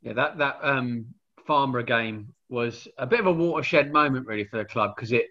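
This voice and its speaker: A man's voice: mid-range voice, moderate pace, bright, forceful tone, dull audio. A man hosting a casual chat, reminiscing in a conversational way. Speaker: podcast host.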